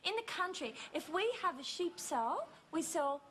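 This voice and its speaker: A woman's voice: very high-pitched, very animated, normal speed, full character voice. An actress playing a naive, literal-minded woman from the country who takes everything at face value in a sitcom. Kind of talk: sitcom acting. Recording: old TV tape with loud hiss.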